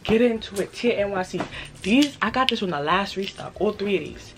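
Hyped New York woman with a slightly raspy voice. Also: medium pitch, lively intonation, brisk, heavy background noise. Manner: playful, hyped, repeats phrases, talks straight to viewers. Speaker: fashion vlogger. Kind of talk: casual haul video.

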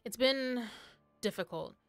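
A woman's voice: fairly high pitch, expressive, takes it slowly, creaky, a bit bright, dry recording, exaggerated voice. Earnest young noblewoman read out by a woman, stumbly game read-along, dry mic. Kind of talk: reading game dialogue aloud.

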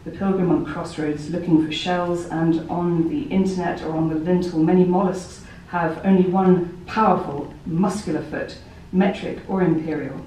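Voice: medium pitch, steady tone, moderate pace, few pauses, warm tone, a little hiss or hum. Wry poetry reader in an echoing room. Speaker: poet. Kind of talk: poetry reading. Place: poetry library event room. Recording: very echoey room, distant mic.

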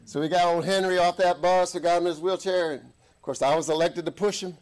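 A middle-aged man preaching a sermon as an army chaplain, telling stories and acting out voices in the quotes. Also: fast talker. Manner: animated, acts out quotes with big pitch jumps. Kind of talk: sermon with storytelling. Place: church.

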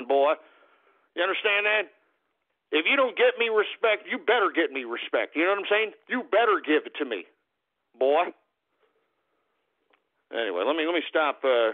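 Swaggering, foul-mouthed male radio host, tipsy, fairly high voice, thin phone-like sound. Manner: brash, profane, swaggering. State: tipsy from beer. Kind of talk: talk radio rant. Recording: tinny phone-like line.

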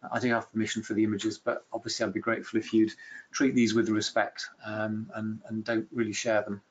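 A man's voice: on the low side, little pitch movement, fairly quick, breathy edge, dull audio. A man giving a webinar lecture, telling clinical case stories in a conversational way with many fillers and restarts.

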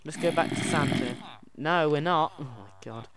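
Excitable man playing a game. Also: on the high side, normal speed. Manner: excitable, chatty, talks to his pet wolf. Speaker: gaming channel host. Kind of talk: casual gameplay commentary. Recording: loud background noise.

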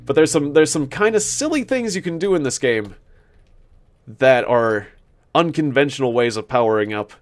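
A man's voice: medium pitch, animated, normal speed, pauses often. A man hosting a gaming video, rambling through casual commentary as he plays, joking at his own expense and often restarting his sentences. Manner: rambling, self-mocking, laughs at his own jokes; thinks aloud with many restarts. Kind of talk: casual let's-play commentary.

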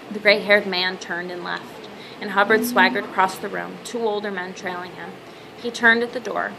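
A woman reading a novel aloud as narrator with a steady, measured delivery. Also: medium pitch, creaky, noisy background. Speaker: audiobook narrator. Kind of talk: scripted narration.

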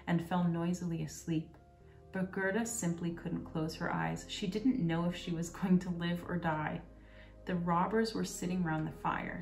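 A woman calmly reading a fairy tale aloud as a bedtime storyteller. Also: fairly low pitch, creaky. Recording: roomy, distant, faint music. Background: faint music.

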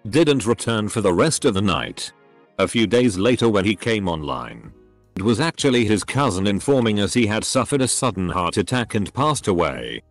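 A man with a lowish voice reads online stories aloud in a lively, swinging tone. He spells out short forms letter by letter as he narrates, with faint music playing underneath.

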